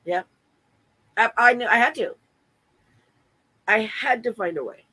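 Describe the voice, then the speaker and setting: A woman speaks as a guest in a casual conversation, her voice pitched fairly high. She is blunt and candid, laughs often, and drops the odd mild swear word. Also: a little slow, bright, forceful tone, husky, poor audio. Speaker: guest, former client.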